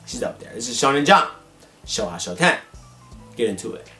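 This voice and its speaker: A man's voice: medium pitch, sing-song, moderate pace, bright, forceful tone. A man in drag, hosting a casual manga haul vlog, gushing and dramatic, calling viewers y'all and baby, his voice strained and wearing out. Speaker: drag queen manga collector, channel host. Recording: echoey room with faint guitar music. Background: faint guitar music.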